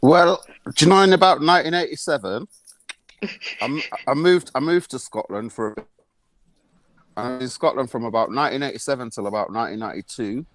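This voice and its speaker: A man's voice: medium pitch, fairly quick, fairly bright tone. A man from Bradford, telling profane, surreal comic stories as a guest on a video call. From Bradford, England. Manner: crude, rambling, surreal anecdotes. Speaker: guest performer.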